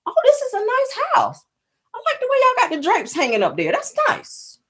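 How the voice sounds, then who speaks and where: A woman voicing a flirty, scheming female house guest who talks in a fake-sweet, breathy way. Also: extremely high pitch, huge pitch swings, moderate pace, voice pushed up, exaggerated voice. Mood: sugary.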